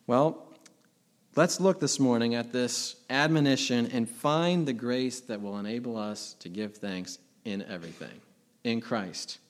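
A man's voice: mid-range voice, measured pace. A middle-aged man, a pastor, preaching a sermon in an earnest, emphatic way, asking rhetorical questions.

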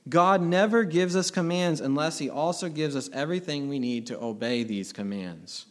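A man's voice: on the high side, moderate pace. A middle-aged man, a pastor, preaching a sermon in an earnest, emphatic way, asking rhetorical questions.

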